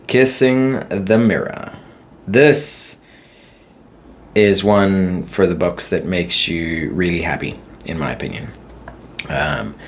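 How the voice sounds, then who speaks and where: Deep-voiced man rambling through a podcast. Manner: rambling, chatty, laughs at his own stories. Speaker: podcast host. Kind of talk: casual solo podcast storytelling.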